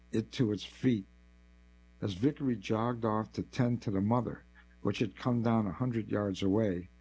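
A man narrating a nonfiction article as scripted narration, with a measured, even delivery. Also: fairly low pitch, rough recording.

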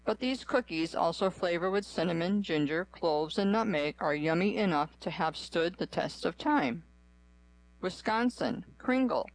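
A reader on a radio reading service, working through a magazine article aloud in an even, measured way with pauses between items. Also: mid-range voice, no room sound, low-quality recording.

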